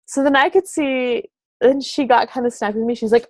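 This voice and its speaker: Animated woman telling a story. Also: fairly high pitch, a little fast, dry recording. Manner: animated, acts out both sides of conversations. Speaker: show host and facilitator. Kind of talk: casual storytelling to camera.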